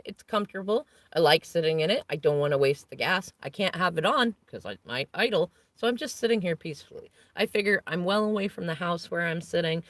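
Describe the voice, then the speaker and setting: A woman's voice: on the low side, a bit bright, dry recording. A woman vlogger sitting in a parked van, venting about a family conflict in a long, rambling, unscripted rant.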